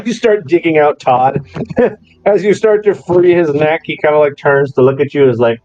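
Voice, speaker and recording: A man's voice: fairly high pitch, expressive, normal speed, a little mellow, dull audio, soft background music. A man narrating as game master of an online tabletop game, laughing often as he describes the scene.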